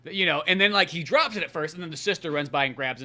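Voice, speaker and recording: Man, podcast host, casual chat, profane, rambling, high pitch, bright tone. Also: very fast, hardly any pauses. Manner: rambling, profane, acts out scenes.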